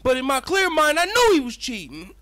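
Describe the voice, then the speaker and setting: A man voicing a brash, boastful male fighter who gloats and curses in loud bursts. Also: fairly high pitch, moderate pace, dry recording, close to an everyday voice. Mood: ranting.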